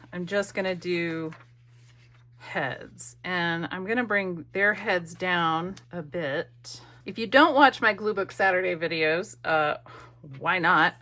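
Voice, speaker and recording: With a bright, forceful voice in the mid range, this middle-aged woman keeps a measured pace while hosting a craft video. She chats playfully as she works and teases herself throughout her casual, self-mocking narration.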